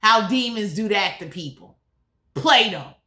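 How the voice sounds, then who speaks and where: A woman's voice: mid-range voice, lively intonation, measured pace, bright, forceful tone. A woman doing a blunt, profane, heated tarot reading in a casual monologue. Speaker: tarot reader. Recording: echoey room.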